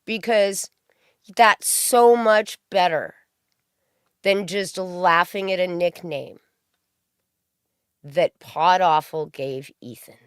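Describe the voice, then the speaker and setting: A woman's voice: fairly low pitch, slow, long pauses, clean tone, no room sound, studio quality. A woman hosting a stream, giving a profane, mocking commentary rant.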